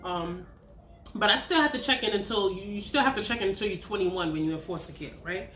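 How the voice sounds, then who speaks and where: A woman's voice: medium pitch, brisk, a bit bright, slight background noise. A woman, telling a candid, profane personal story on her vlog. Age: 30s. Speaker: vlogger. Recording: roomy echo.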